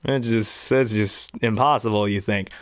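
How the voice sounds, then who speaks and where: A man's voice: on the low side, fairly even intonation, normal speed, no echo, studio quality. A man and hobby voice actor chatting casually in a rambling, enthusiastic way. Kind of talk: casual chat.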